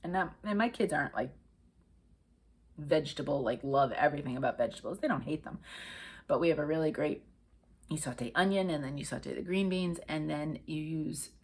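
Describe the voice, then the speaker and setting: A middle-aged woman from Connecticut hosts a cross-stitch vlog, chatting casually and rambling with lots of fillers and restarts. Her voice is low and slightly rough, and she talks a little fast.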